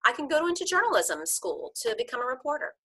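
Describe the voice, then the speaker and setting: Upbeat fussy young woman who plans everything, bright voice, bouncy pitch, read by a woman. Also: big pitch swings, fast talker, husky, exaggerated voice. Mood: defensive. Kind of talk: casual script read-through.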